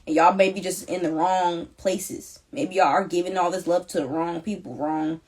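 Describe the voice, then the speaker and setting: A woman's voice: fairly low pitch, steady tone, normal speed, darkish tone. A young woman doing a live collective tarot reading, talking in an emphatic, slangy, repetitive and emotional way. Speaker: tarot reader.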